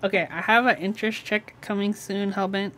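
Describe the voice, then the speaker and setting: A woman's voice: mid-range voice, fairly even intonation, fairly quick, a bit bright, slight background noise. A young woman streaming from home as she builds a keyboard, chatting casually with frequent giggles and lots of "like". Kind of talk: casual live-stream chat.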